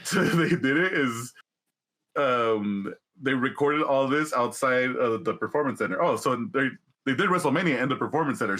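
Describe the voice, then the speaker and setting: A man co-hosting a casual podcast, retelling events in an animated, laughing way with frequent swearing. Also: medium pitch. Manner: animated, laughing storyteller who swears a lot. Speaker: podcast co-host. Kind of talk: casual chat.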